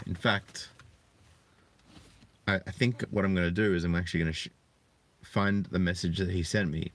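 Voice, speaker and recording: A man in his thirties talking earnestly and reflectively to viewers on a live stream, often halting to find his words. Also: low voice, no room sound. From Australia. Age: 30s. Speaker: channel host. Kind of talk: live-streamed personal talk.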